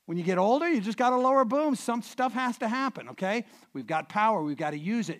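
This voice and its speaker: A middle-aged male preacher with a fairly high voice. He tells stories to a congregation in a loose, stop-start way, repeating words as he goes. He drops to a hush, then swells loud to drive his points home. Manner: animated storyteller, swings from hushed to loud emphasis; frequent repeated words and restarts. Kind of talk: sermon with anecdotes.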